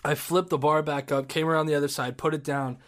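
Brisk and high-voiced, a young man narrates a story during casual podcast chat, getting animated, cursing, laughing, and mimicking the shouts he let out.

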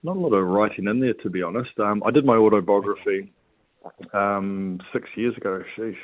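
Low-ish kiwi guy chatting slow and halting, sounds like a phone line. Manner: laid-back, halting with restarts and fillers. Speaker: guest, retired rugby player. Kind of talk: casual interview chat.

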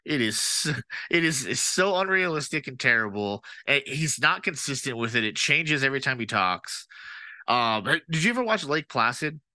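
On a casual movie-review podcast, this co-host rambles animatedly, swearing and filling his talk with fillers. He speaks at normal speed in a mid-range voice, with no echo in the recording.

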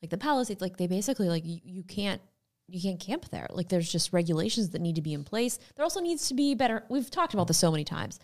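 A woman co-hosting a podcast, chatting casually and laughing easily. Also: lowish voice. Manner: chatty, animated, quick to laugh. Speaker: podcast co-host. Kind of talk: casual chat.

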